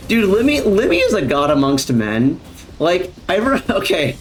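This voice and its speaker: A man's voice: high voice, huge pitch swings, normal speed, a little hiss or hum. A young man casually chatting on a live stream, rambling and swearing often, with lots of fillers.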